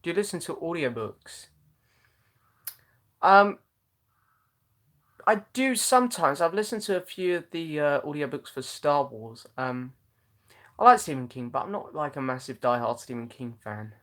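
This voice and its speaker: A man's voice: fairly high pitch, animated, moderate pace, long pauses, fairly bright tone. A young man hosting a casual live chat, reading out viewers' comments in a chatty, meandering way with many ums. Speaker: live-stream host.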